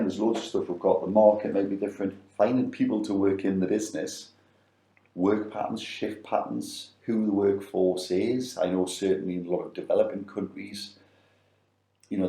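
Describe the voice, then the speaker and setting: A middle-aged man chats on a business podcast. His voice is very low and dark, and it rings in an echoey room. He rambles and stumbles over repeated words. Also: flat delivery, moderate pace. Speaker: business advisor, podcast co-host. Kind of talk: casual conversational podcast chat.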